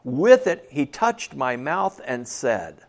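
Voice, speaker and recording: A man preaching a sermon in a conversational way, often checking in with "okay?" and dropping to a soft low voice for asides. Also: sing-song, slow pace.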